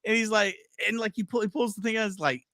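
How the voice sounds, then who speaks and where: A man's voice: high voice, fast, pushed and bright, no room sound, studio quality. A man hosting a podcast, chatting casually and telling anecdotes with lots of quoted dialogue. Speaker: podcast host. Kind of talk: casual chat storytelling.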